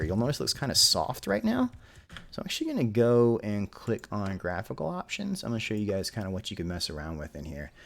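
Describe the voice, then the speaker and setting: In a lowish, gravelly voice with a little hiss or hum in the background, a man rambles casually through live commentary on a video game he's streaming, joking with his chat.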